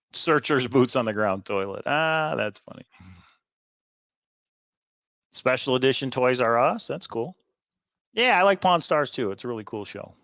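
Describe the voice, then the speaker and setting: A man's voice: medium pitch, a bit bright, dry recording. Chatty man on a dry mic. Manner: chatty, upbeat, quick asides and chuckles. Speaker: livestream co-host. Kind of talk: casual live-stream chat reading viewer comments.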